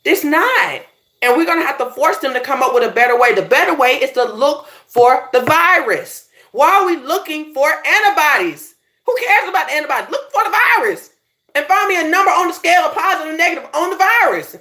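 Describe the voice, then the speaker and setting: A woman life coach with a Belizean accent, giving an animated motivational talk straight to her viewers. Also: sits high, a little fast. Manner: animated, preachy, direct address with "y'all".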